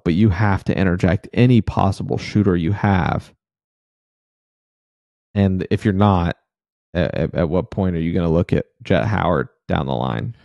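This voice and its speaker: This podcast co-host has a low, creaky voice captured without echo. On a laid-back sports show, he analyzes rotations in an even, methodical way and gets irritated when answering his critics.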